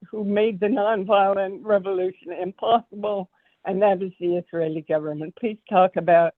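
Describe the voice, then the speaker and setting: A woman's voice: medium pitch, no echo. Earnest woman over a tinny phone line. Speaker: audience member asking a question. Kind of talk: question from the audience.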